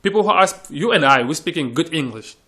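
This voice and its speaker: A man's voice: on the high side, animated, quick pace, pushed and bright. Earnest man, English teacher. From Senegal. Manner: earnest, repeats words while searching for phrasing. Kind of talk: panel discussion.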